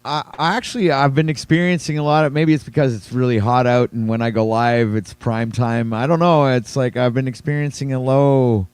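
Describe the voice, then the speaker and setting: A man's voice: medium pitch, steady tone, brisk, hardly any pauses, darkish tone, clear, resonant tone, no echo. A man who streams, musing hesitantly in a casual online panel chat.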